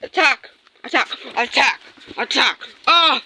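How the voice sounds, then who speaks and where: A woman's voice: high-pitched, animated, unhurried, sharp tone, husky. A woman voicing plush toys in a skit, screaming and gasping dramatically. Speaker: plush toy video narrator.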